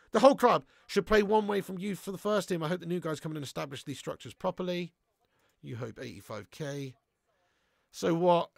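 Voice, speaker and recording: A young man hosting a live football watch-along, chatting with viewers in a laddish, sweary way and breaking into shouts at big moments. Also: on the high side, gravelly, dry recording, studio quality. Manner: laddish banter, swears freely, reads chat aloud, bursts into shouts. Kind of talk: live stream chat and commentary.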